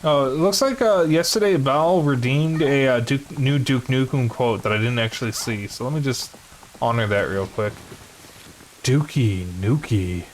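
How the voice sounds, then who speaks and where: A man chats casually while streaming a game, rambling and self-deprecating. His voice sits at an ordinary mid pitch. He talks in an easygoing, offhand way. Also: normal speed, a little hiss or hum.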